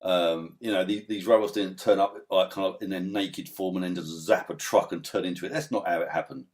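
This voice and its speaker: A man's voice: low voice, steady tone, fairly quick. A man ranting as a guest in a casual podcast chat, swearing often and breaking into laughter. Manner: ranting, swears a lot, laughs mid-rant.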